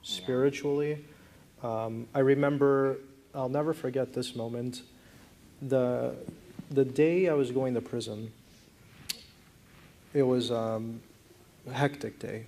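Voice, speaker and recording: A man in his thirties appears as a guest in an on-stage conference interview, sharing a personal story earnestly but haltingly and restarting often. His mid-range voice has fairly even intonation and a darkish tone.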